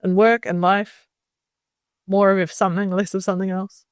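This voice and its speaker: A woman's voice: medium pitch, level tone, normal speed, dry recording, studio quality. A woman co-hosting a podcast, speaking in an opinionated, emphatic way in casual chat. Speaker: podcast co-host.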